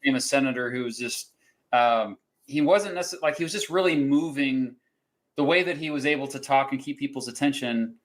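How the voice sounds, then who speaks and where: A man's voice: medium pitch, a little fast, low-quality recording. A man hosting a casual talk show quiz, rambling with many fillers and chuckles. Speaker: podcast host running a quiz. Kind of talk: casual chat.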